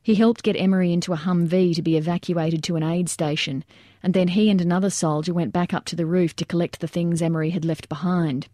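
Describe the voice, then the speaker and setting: Woman, audiobook narration, measured and steady, low mellow voice. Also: dry recording, studio quality.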